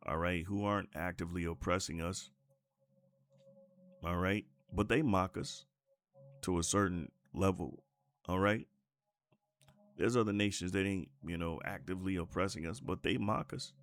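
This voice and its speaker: Male preacher, very low and gravelly, talks scripture casually with lots of restarts. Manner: casual, repeats and restarts, reads scripture aloud. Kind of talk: sermon.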